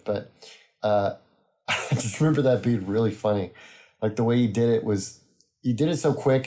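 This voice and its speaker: A young man hosting a solo podcast, chatting in a rambling, easygoing way with many pauses and fillers. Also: lowish voice, warm tone. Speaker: podcast host. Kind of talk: casual solo podcast monologue.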